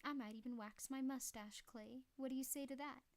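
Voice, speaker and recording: A cunning old gunman with a mocking country drawl, as a woman reading a novel aloud puts him on. He needles his partner with lazy menace, and his voice sits fairly high. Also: steady tone, moderate pace. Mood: sly. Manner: sly, mocking hick drawl.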